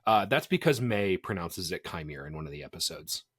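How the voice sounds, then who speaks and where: Low-voiced man, chatty podcast host, dry close mic. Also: fairly quick, husky, no room sound. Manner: animated, chatty, laughs often. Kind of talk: casual podcast chat.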